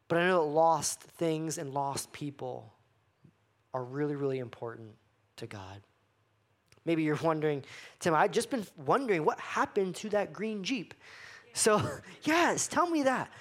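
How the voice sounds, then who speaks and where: Man pastor, unhurried sermon delivery, dramatic with hushed drops. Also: on the high side. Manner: dramatic, acts out quoted voices, drops to hushed emphasis.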